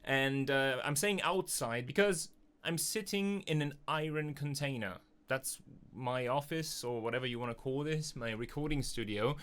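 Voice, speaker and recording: Male reaction host, mid-pitched voice, casual and upbeat, talks through what he hears. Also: moderate pace, fairly bright tone, clear, resonant tone. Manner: chatty and upbeat, explains as he listens. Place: small metal shipping container used as a studio. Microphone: studio microphone.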